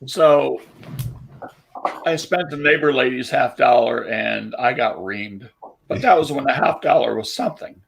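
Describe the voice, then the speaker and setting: Fifties Iowa man, gravelly, loose salty storyteller in a relaxed hangout chat. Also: medium pitch, unhurried, slight background noise. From Eastern Iowa. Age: 50s. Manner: rambling anecdotal storytelling, salty language. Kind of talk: casual chat.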